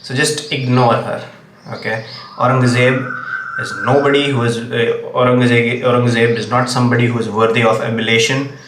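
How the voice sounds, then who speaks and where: Indian-accented male commentator, emphatic monologue, mid-pitched, echoey room with faint hum. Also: flat delivery, normal speed, a bit bright. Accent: Indian English. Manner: emphatic, repeats "okay?" to press points. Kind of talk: solo opinion monologue.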